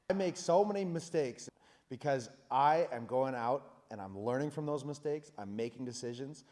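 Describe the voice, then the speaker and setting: Energetic man speaking in a reverberant hall. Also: on the high side. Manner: energetic, self-mocking, emphatic. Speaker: founder on a panel. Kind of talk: animated panel storytelling. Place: conference hall.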